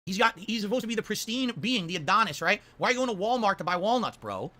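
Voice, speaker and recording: Fast, bright-voiced ranting man. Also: high-pitched, expressive. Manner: loud, scornful, profane ranting. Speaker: streamer being reacted to. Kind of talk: ranting commentary.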